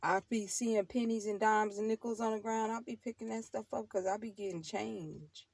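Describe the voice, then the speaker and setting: A woman's voice: mid-range voice, fairly even intonation, normal speed, a little mellow, no echo. A middle-aged woman, talking straight to her viewers in a casual monologue, emphatic and repetitive, laughing often. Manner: emphatic, repeats herself, laughs often, preachy asides. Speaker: tarot channel host.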